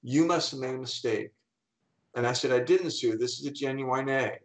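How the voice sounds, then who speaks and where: A middle-aged man, a coach and speaker, telling animated anecdotes in an interview and acting out the people he quotes. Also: mid-range voice, normal speed, low-quality recording. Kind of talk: storytelling in an interview.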